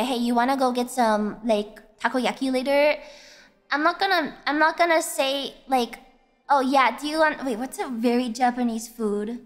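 A young woman with a high, bright voice talks to her stream in a loose, ranting way. She swears freely and keeps breaking into excited yelps mid-thought. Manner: ranting, blunt, swears a lot. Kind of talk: casual livestream chat.

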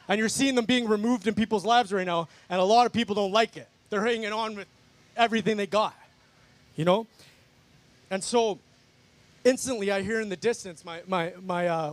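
His voice sits high and there's no echo as this guest speaker delivers a fervent, emphatic testimony at a park worship gathering. He tends to repeat himself and keeps calling the crowd "guys."

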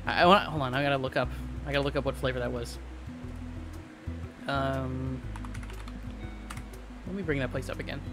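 A man's voice: medium pitch, moderate pace, long pauses. A young man casually chatting and rambling with stammered restarts while streaming a game. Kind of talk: casual gameplay commentary. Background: game music.

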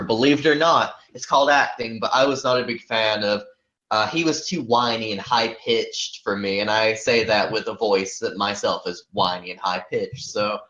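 A man's voice: fairly low pitch, a bit bright. Rambling man on a muffled podcast mic. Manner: rambling, with many fillers and hedges. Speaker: podcast co-host. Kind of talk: casual podcast discussion.

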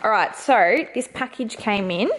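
A young Australian woman vlogging casually to a handheld camera, gushing and excitable, laughing often. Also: mid-range voice, unhurried, a little hiss or hum. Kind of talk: casual vlog chat to camera. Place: car, then home.

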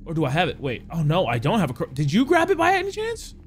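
A man playing a co-op horror game with friends, excitable and stammering, swearing often. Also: a little high, fast talker, slight background noise. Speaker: gaming YouTuber.

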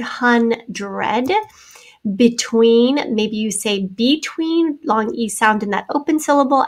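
A woman teacher reading spelling words and sentences slowly, then going over the answers syllable by syllable. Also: on the high side, rough recording. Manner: slow, clearly enunciated dictation. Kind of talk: spelling test and answer review.

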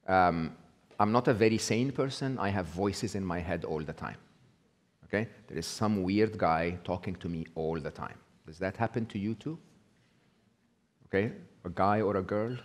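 Egyptian man giving a lively talk. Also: on the low side. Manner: interactive, asks the audience questions; many fillers and restarts. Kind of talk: live talk to an audience.

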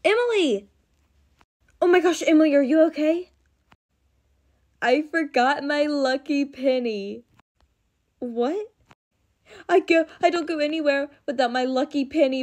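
A young woman voicing all the teen characters of a cartoon story, excitable and dramatic. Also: sits high. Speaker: voice-over storyteller.

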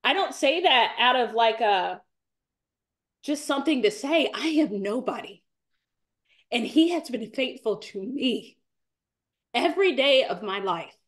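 A woman's voice: expressive, unhurried, pauses often. A woman in her forties speaks as a podcast guest in an earnest, emotional testimony of faith. She is close to tears, circles back on her key phrases and lets her voice climb as feeling builds. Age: 40s. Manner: earnest, repeats phrases, rises in pitch as she grows tearful. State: near tears.

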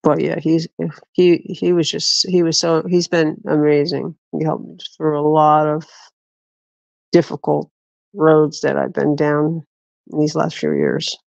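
A man's voice: a little high, flat delivery, unhurried, gravelly, a little mellow, dry recording. A man telling personal stories in a rambling, casual way, with restarts and laughter. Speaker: vlogger. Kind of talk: casual storytelling. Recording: dull lo-fi dry recording.

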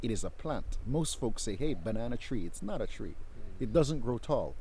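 A man's voice: mid-range voice, very animated, moderate pace, dark tone, slight background noise. A man working as a wildlife guide, explaining plants patiently and using technical terms, outdoors by a river. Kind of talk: explaining nature on a tour.

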